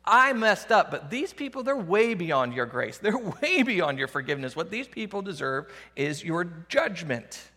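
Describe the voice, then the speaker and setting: A man's voice: high-pitched, big pitch swings, normal speed, hardly any pauses, sharp tone, husky, big-room sound, full character voice. A man voicing a bitter, resentful prophet who pleads indignantly in casual, everyday talk.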